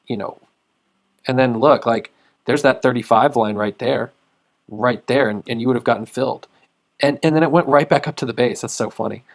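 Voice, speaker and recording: Male tutorial host, mid-range voice, loose and rambling, trails off into low mutters. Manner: rambling, filler-heavy, repeats words. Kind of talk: casual screen-share tutorial.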